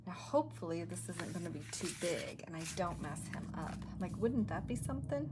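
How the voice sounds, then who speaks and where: A woman's voice: on the low side, a little fast, hardly any pauses, heavy background noise. A woman crafting at home, chatting casually and thinking aloud as she stamps, sounding a bit winded. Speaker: craft video creator.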